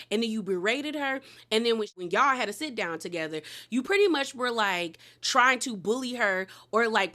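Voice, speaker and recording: A woman hosts a casual reality TV recap with a bright, cutting edge to her voice. She sits in the middle of the pitch range for a woman and talks straight to her viewers, sassy and candid.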